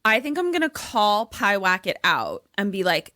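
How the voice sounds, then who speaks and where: A woman's voice: mid-range voice, animated, normal speed, hardly any pauses, pushed and bright, no room sound, studio quality. A young woman co-hosting a casual podcast, reacting with jokes and swearing and playing out her own guesses. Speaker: podcast co-host listening and guessing. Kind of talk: casual chat.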